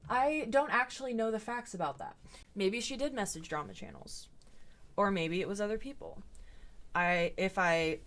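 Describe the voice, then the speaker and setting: A woman's voice: medium pitch, moderate pace, a bit bright. A young adult woman hosting a commentary video, recapping online drama in a blunt, opinionated way and swearing freely.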